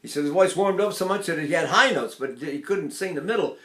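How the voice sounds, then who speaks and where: An animated man in his eighties gives a singing lesson with a bright, ringing voice. He speaks a little high for a man and drops into sung demonstrations and quick asides. The room is noticeably echoey. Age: 80s. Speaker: voice teacher.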